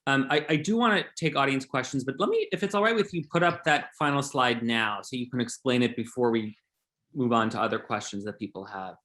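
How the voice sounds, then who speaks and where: A man's voice: mid-range voice, a little fast, fairly bright tone. A man hosting an online program, thanking the speaker and moving on to audience questions in a polite moderating tone. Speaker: program host.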